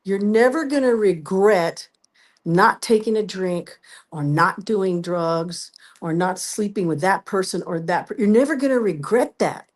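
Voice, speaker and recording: A woman's voice: medium pitch, unhurried. A woman guest telling her story in a casual interview, acting out both sides of the conversations. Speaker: guest singer.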